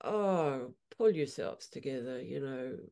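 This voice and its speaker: A woman voicing a calm, unflappable lead mare who soothes the herd in an offhand way. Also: rumbling low, slow pace, voice pushed down, heavily acted. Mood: soothing.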